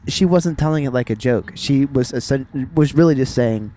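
A man in an easygoing podcast chat with a middle-pitched, ordinary voice. He tells stories animatedly and laughs often, acting out little bits of dialogue as he goes. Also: normal speed, a crowd in the background. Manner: animated storyteller who laughs a lot. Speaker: podcast co-host. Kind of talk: casual chat.

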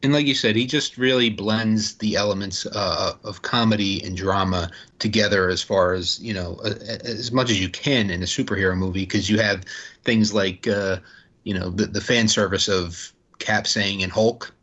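A man chatting on a casual podcast, animated and ready to slip into quick voice impressions. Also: fairly low pitch, dull audio. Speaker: podcast co-host.

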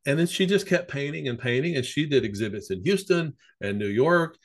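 Here a psychotherapist guest, a middle-aged man with a medium-pitched voice, talks fairly quickly. His casual conversation is full of long, animated anecdotes told in a rambling way.

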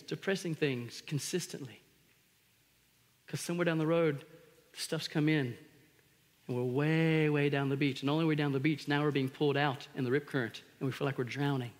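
A man preaching a sermon as pastor, telling stories animatedly and shouting out re-enactments. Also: a little high. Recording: long hall reverb.

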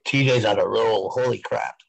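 A man's voice: on the low side, normal speed, vocal fry, low-quality recording. A man hosting a podcast, laid-back and amused, mostly agreeing with his co-host. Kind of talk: casual chat.

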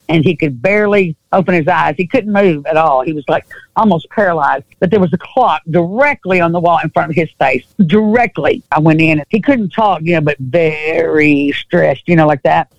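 A woman's voice: low voice, darkish tone. An earnest woman with a Southern US accent recounts a story as an interview guest, voicing the people in it and circling back over her words. The recording is dull and lo-fi, with a close, dry sound and no room echo. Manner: earnest, acts out dialogue, repeats herself.

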